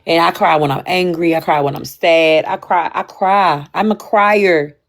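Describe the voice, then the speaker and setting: A young woman talking candidly and casually to her stream audience, animated and slangy, swinging between loud bursts and quiet asides. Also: lowish voice, measured pace, gravelly. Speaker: livestream host. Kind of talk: casual chat.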